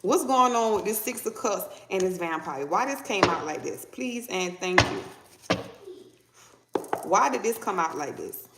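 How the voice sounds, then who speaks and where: A woman giving a casual, animated tarot reading, breaking into high mock voices. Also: unhurried, reverberant, very noisy. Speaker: tarot reader.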